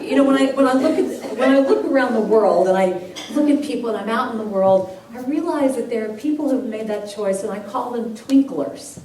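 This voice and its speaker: A woman's voice: on the high side, brisk, hardly any pauses, a crowd in the background. A woman telling a personal story to a church congregation, acting out voices and laughing often as she speaks. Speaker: guest speaker and singer at a church service. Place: church hall with a live audience. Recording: echoey hall, heard from a distance, audible noise.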